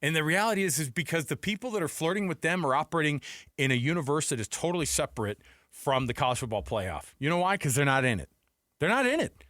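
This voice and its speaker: Male sports radio co-host, animated and emphatic, a bit high-pitched, dry close mic. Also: fast talker, no room sound. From United States. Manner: emphatic, acts out quotes with rhetorical questions.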